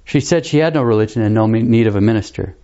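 A man's voice: fairly low pitch, fast talker, dark tone, dull audio, natural voice. A man voicing a formal, polite male prison governor with a grave manner.

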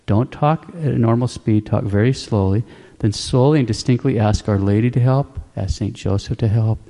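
A man giving a calm, plain-spoken religious teaching, repeating key points for emphasis. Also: fairly low pitch, in a large hall. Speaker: Catholic preacher. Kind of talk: instructional religious talk.

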